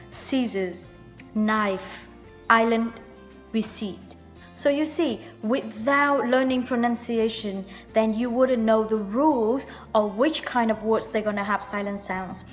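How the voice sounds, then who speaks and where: A young woman with a Vietnamese accent teaching English pronunciation in a video lesson, speaking slowly and stressing her words. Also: fairly high pitch, big-room sound. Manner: slow, emphatic teaching delivery.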